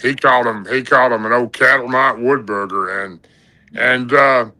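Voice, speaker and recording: A man with a drawl spins a long story in a loose, folksy way, stringing his sentences together with "and, uh". His voice is strikingly bright and forceful, sitting at an ordinary male pitch. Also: fairly even intonation, normal speed, rough recording. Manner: rambling, folksy, lots of "and, uh". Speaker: podcast guest telling an encounter story. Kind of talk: casual storytelling.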